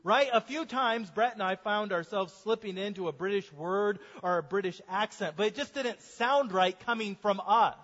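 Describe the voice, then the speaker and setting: A man's voice: high voice, moderate pace, few pauses, a bit bright. An American man, a pastor, preaching an earnest sermon to his congregation in a church. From United States. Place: church sanctuary. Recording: dull sound with long hall reverb.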